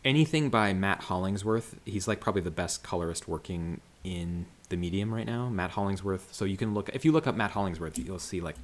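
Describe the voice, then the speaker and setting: Low-voiced man rambling while he works. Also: slight background noise. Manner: rambling, many fillers and restarts. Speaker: comic colorist. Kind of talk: casual livestream commentary while working.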